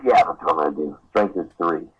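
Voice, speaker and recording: A man's voice: deep voice, quick pace, raised voice, highs cut off, very noisy. A man playing a tabletop game, joking and bantering with the other players. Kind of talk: tabletop role-play banter.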